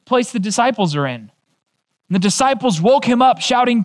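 A male pastor preaching a sermon, telling a story with emphatic, animated delivery. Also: high voice, fairly quick.

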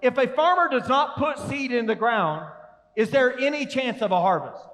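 A man preaches with energy and a strikingly high voice, pulling his congregation into call-and-response. His words carry the long reverb of a large church hall. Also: expressive, moderate pace, a bit bright. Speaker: pastor. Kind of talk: sermon.

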